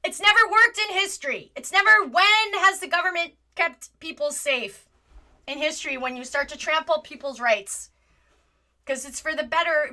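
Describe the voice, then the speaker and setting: Woman streaming live from home, high bright voice, jumps all over, gets worked up and keeps saying sorry. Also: moderate pace. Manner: animated, exasperated, often apologizing; rises to near yelling at times. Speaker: livestream host. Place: home setup with green screen.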